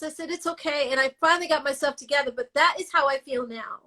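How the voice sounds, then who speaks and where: A woman's voice: high voice, a little fast, hardly any pauses. A woman guest in an interview, telling her story bluntly and with feeling, sometimes cursing. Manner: animated, emotional, blunt and cursing. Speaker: guest singer.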